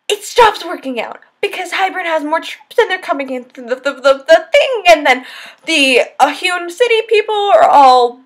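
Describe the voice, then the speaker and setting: A young woman vlogging about a book she just finished, gushing and breathless, breaking into squeals and near-tears. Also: extremely high pitch. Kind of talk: excited spoiler-filled book talk. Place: at home, lit by setting sun.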